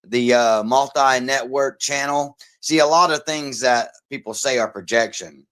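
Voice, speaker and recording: A man livestreaming commentary, mocking and profane, greeting chat viewers by name between halting, filler-heavy sentences. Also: mid-range voice, a bit bright, clear, resonant tone. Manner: halting, many fillers and restarts.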